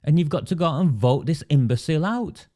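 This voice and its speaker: A man's voice: a little high, expressive, fast talker, mellow. A man hosting a political livestream, emphatic and indignant, stopping to answer viewer comments. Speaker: livestream host.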